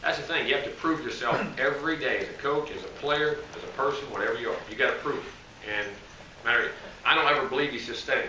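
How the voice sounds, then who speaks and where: Rambling folksy coach, bright and echoey. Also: male voice, mid-range voice, fast, recorded from a distance. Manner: rambling, folksy, self-correcting, grows emphatic. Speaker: head football coach. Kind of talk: press conference answers. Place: media day press room. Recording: echoey room, voice from afar, faint noise.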